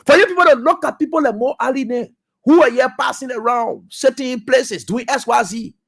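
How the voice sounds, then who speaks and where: A man hosting a radio talk show, giving animated, scolding political commentary. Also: very high-pitched, normal speed, vocal fry, husky.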